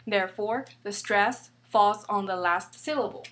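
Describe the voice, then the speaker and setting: A woman teaching an online language lesson, patient and repeating each example slowly. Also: mid-range voice, a bit bright. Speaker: Spanish teacher.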